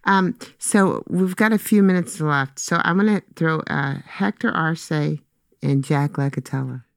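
A man's voice: fairly high pitch, measured pace, vocal fry, clean tone, dry recording, studio quality. A man hosting a casual interview, giving brief, affirming remarks and moving to the next topic. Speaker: interviewer host.

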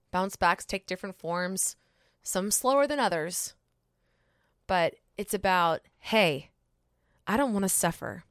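A woman's voice: medium pitch, clean tone, no room sound. Earnest woman host, dry close sound. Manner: earnest, encouraging, casual filler words. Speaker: podcast host. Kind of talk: heartfelt solo podcast pep talk.

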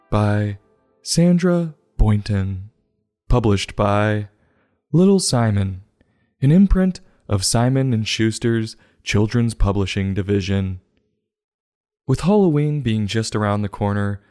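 Deadpan sarcastic man reviewing books. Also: on the low side. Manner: deadpan, mock-serious sarcasm. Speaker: host. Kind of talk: comic book review.

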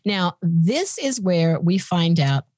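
A woman's voice: lowish voice, very animated, slow pace, darkish tone, no room sound. A woman hosting a podcast, casually telling a true-crime story in a chatty, blunt way. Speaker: podcast host.

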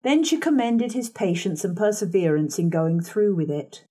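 A woman narrating a classic novel in the first person with a measured, composed reading. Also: lowish voice, dark tone, breathy edge. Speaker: audiobook narrator.

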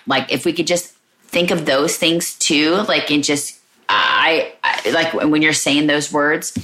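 Low-voiced woman podcaster musing candidly. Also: pushed and bright. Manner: candid and searching, with frequent "like" and "you know". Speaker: podcast host. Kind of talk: reflective solo podcast talk.

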